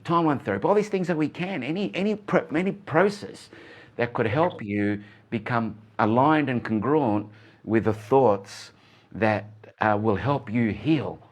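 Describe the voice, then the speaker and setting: A man hosting a live interview, asking rambling questions full of restarts. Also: medium pitch. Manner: rambling, many restarts and fillers. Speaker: host, interviewer.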